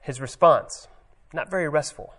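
A pastor preaching a sermon, reading scripture emphatically, then commenting in a looser way with hesitations. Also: male voice, on the high side, moderate pace, fairly bright tone.

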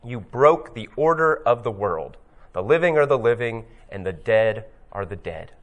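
A man's voice: mid-range voice, animated, normal speed, dull audio, close to an everyday voice. A man voicing personified Death as proud and unbending, with indignant, insistent questions.

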